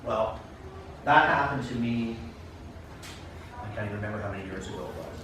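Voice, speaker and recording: A man from Canada gives a keynote talk to coaches, telling stories from his career. He is heard from a distance, in a very echoey conference room with steady background noise. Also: fairly low pitch, a little fast. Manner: storytelling, acts out dialogue, addresses audience directly. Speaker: keynote speaker, soccer coach. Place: conference classroom.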